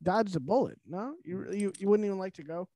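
A man's voice: sits high, brisk, dark tone, no room sound. A man co-hosting a podcast, chatting casually, laughing often and steering the topics. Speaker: podcast co-host.

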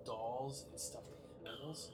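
A man in the game master's seat, describing a scene in a relaxed, rambling way and leaning on "like" as he searches for words. His voice sits at a middle pitch. Music plays steadily behind him. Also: measured pace, poor audio. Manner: loose, filler-heavy narration with frequent "like". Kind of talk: narrating a tabletop game.

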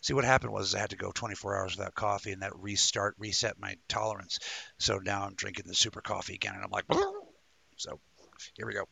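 A man's voice: on the low side, sing-song, brisk, creaky, bright, forceful tone, slightly rough, no echo. A man hosting a live talk show in a rambling, jokey way, full of stumbling restarts. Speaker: host. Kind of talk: casual live-show chat.

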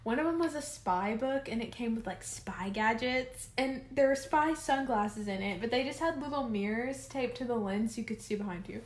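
A woman's voice: on the high side, moderate pace, few pauses. Playful young woman in a roomy space. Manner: playful, jokey. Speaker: co-host. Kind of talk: casual chat. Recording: roomy echo.

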